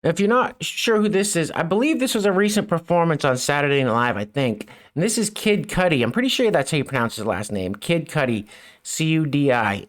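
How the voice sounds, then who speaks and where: A man's voice: on the high side, lively intonation, a little fast. A middle-aged man hosting a mocking news commentary show, with sarcastic, chuckling asides. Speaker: show host.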